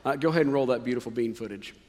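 A man's voice: medium pitch, very fast, very noisy. Man preaching in an echoing sanctuary. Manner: conversational preaching, swells with emphasis. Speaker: pastor. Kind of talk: sermon.

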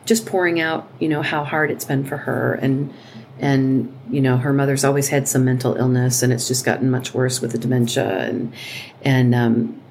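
Casting note: low-pitched woman, earnest heartfelt chat, faint noise in the background. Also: fairly even intonation, a little mellow. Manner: earnest, halting, many restarts and fillers. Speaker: podcast co-host.

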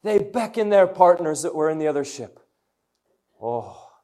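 Energetic young male youth preacher. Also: a little high, normal speed. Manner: energetic, storytelling, call-and-response. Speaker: youth pastor. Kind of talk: sermon.

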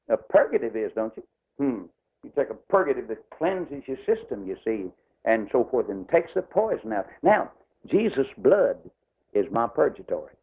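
Guy preaching, gravelly husky voice, folksy and emphatic, sounds like a tinny old tape. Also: mid-range voice. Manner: folksy, emphatic, acts out voices in his stories. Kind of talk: revival sermon. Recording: tinny phone-like old recording.

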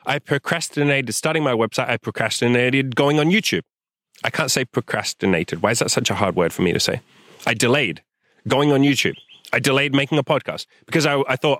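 A man's voice: medium pitch, lively intonation, quick pace, no echo, clean studio sound. A young man hosting a show, giving a blunt, profanity-laced motivational rant to a listener, filmed outdoors in the sun. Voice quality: swears a lot, forceful and direct. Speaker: host. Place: outdoors in sunlight.

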